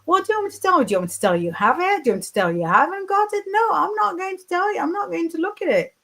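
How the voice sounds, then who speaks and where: A woman doing a shouting, exasperated veteran woman psychic who refuses to give a reading on the phone. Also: extremely high pitch, animated, pitched above the performer's own voice, heavily acted. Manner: shouting, rapid, indignant.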